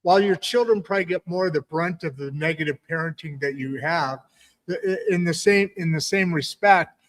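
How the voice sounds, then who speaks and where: A man hosting an interview podcast who speaks haltingly, repeats his words, and agrees eagerly. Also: on the high side. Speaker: podcast host. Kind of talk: casual interview.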